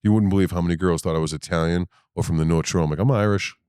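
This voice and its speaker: A man with a thick Boston accent and a very low voice rattles through his stories at a quick clip. He is brash and profane, jumping into put-on voices, recorded close and dry. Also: steady tone, mellow, clear, resonant tone, dry recording. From Boston area. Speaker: comedian guest. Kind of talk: casual podcast chat.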